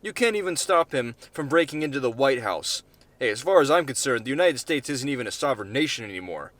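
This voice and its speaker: A man's voice: mid-range voice, animated, quick pace, a bit bright, dry recording, close to an everyday voice. A man voicing an angry male foreign delegate who talks in a raised, accusing voice. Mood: defiant.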